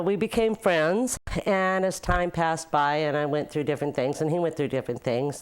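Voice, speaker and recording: An older woman speaking in a notably low voice, reminiscing in a documentary interview. She tells her stories with laughter breaking in, unhurried and personal. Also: clear, resonant tone. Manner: warm storytelling with frequent laughs. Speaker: former nightclub owner.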